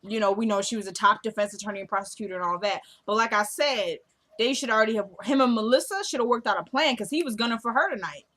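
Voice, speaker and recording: A woman vlogger casually recapping a TV drama episode in a slangy, animated storytelling way. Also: a little high, quick pace.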